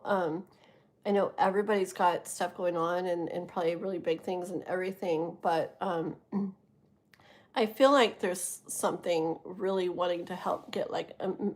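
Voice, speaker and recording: A middle-aged woman hosting a live tarot stream, chatting casually with viewers in a rambling way with many fillers. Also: fairly low pitch. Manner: chatty, rambling, lots of fillers, laughs often.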